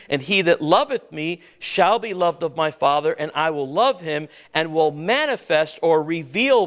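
In this sermon, a male pastor puts questions to his congregation and gives them time to answer. He slows on important words and sinks into a low, quiet voice when stressing a point.

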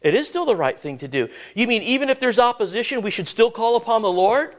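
A man's voice: very high voice, lively intonation, fast talker. A man preaching a sermon as pastor, asking the congregation questions and often repeating words as he goes.

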